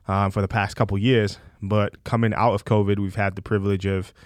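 Low-voiced man hosting a podcast. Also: flat delivery, a little fast, no echo, studio quality. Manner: easygoing, introduces topics with frequent ums. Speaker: podcast host. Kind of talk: casual podcast conversation.

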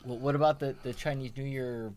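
Male guest, cable car worker, rapid chatty explainer. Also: medium pitch, steady tone, a loud crowd. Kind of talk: casual conversation.

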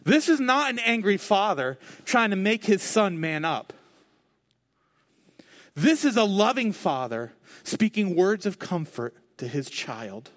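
A man's voice: high-pitched, very animated, a little slow, a bit bright. A man in his thirties, a pastor giving a conversational sermon, joking at himself and acting out quoted lines. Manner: conversational, self-mocking, acts out quoted voices.

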